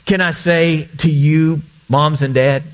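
Earnest high-voiced male pastor preaching. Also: steady tone, slow pace, smooth. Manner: earnest, repeats phrases for emphasis. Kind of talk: sermon.

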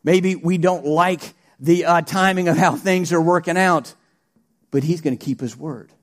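A man preaching a sermon, animated, swinging between shouted praise and quiet asides. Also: fairly high pitch, measured pace.

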